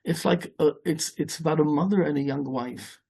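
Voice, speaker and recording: Gravelly-voiced rabbi giving a halting sermon. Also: male voice, fairly high pitch, darkish tone. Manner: rambling, halting delivery with many restarts, mixing Hebrew and Yiddish terms.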